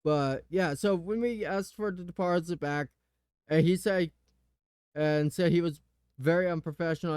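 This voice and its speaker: A man hosting a podcast, telling a personal story in a casual, animated way with the odd curse word. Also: fairly high pitch, smooth, no room sound, studio quality. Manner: animated retelling, swearing. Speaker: podcast host.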